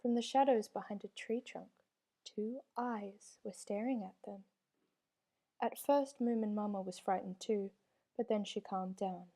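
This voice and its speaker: A woman reading a children's storybook aloud with steady, expressive narration. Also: mid-range voice, unhurried. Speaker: reader.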